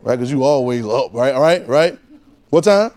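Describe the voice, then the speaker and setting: At a normal speed and with an animated, mid-range voice, a man delivers a sermon. He peppers the congregation with rhetorical questions and moves between loud exclamations and quiet asides.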